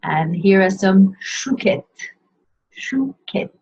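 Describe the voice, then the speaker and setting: A woman teaching how to pronounce pastry names in a slow, careful lesson, saying each word and repeating it. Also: medium pitch, a little mellow, slightly rough. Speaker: French teacher. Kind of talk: pronunciation lesson. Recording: dull lo-fi sound.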